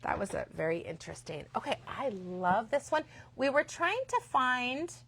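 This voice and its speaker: A woman in her fifties hosting a live stream for a yarn shop, chatting casually and enthusiastically, sometimes dropping to a quiet aside. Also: on the high side, sing-song, moderate pace, a little hiss or hum. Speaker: shop host. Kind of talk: live-stream product chat.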